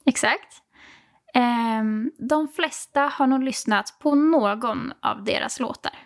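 A woman's voice: fairly high pitch, takes it slowly, creaky. A woman whose first language is Swedish, tutoring a learner with patient, encouraging corrections in a casual lesson.

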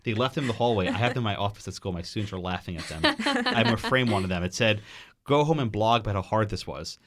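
A man, a guest in a podcast studio, telling a story in an animated way and acting out what other people said. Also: fairly low pitch, quick pace. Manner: animated, quotes people in changing voices.

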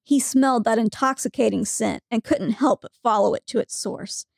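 A woman's voice: on the high side, moderate pace, gravelly, a little mellow, no room sound, clean studio sound. A woman co-hosting a podcast, reading a funny story aloud with frequent giggles. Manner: giggly storytelling, breaking into laughter. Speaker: podcast co-host.

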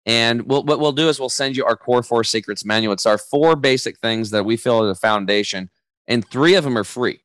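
A middle-aged man, a podcast guest, talking in an energetic, casual way with slang. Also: mid-range voice, brisk, no echo. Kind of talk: podcast interview.

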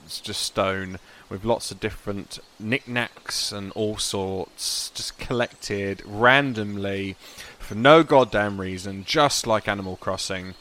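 A man's voice: fairly low pitch, slow, few pauses, a bit bright. A man narrating a tabletop game as game master, casual and swearing now and then. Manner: casual, swearing, laughs easily.

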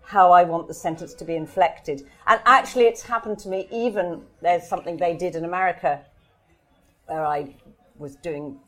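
A woman's voice: on the low side, normal speed, fairly bright tone. A woman author speaking in a live question-and-answer session, thoughtful and hesitant, often restarting her sentences. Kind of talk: live Q&A conversation.

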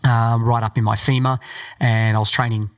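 A man's voice: medium pitch, little pitch movement, normal speed. Rambling Australian man telling his story. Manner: loose, rambling storytelling with many fillers. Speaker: guest, former Olympic marathon runner. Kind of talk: podcast interview storytelling.

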